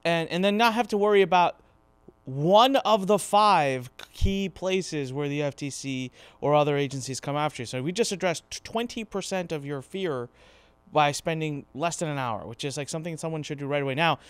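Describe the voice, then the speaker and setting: Animated man with a smooth, higher voice. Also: normal speed, no echo. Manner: animated and enthusiastic, repeats words. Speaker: podcast host. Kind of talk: casual podcast chat.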